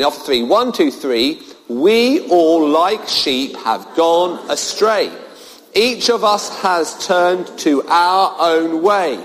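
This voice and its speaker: A man, giving an animated, playful children's sermon to families. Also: on the high side, in a large hall. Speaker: preacher.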